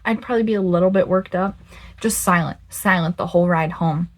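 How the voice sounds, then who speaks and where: A young woman in her twenties telling a dating story to the camera in a casual, animated way, stretching words for emphasis and swearing in disbelief. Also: lowish voice, a little fast. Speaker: vlogger.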